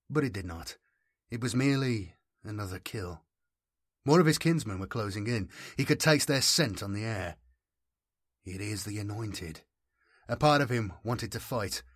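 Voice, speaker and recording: A man reading a grim story aloud in a grave, measured narration style. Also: medium pitch, dry recording, studio quality. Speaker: audiobook narrator. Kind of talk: scripted dramatic narration.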